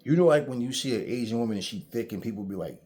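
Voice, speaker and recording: A man's voice: medium pitch, lively intonation, fast, a little mellow, slight background noise. A man hosting his own channel, giving a blunt, profane, preachy monologue about relationships and telling stories. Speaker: channel host. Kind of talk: casual ranting monologue.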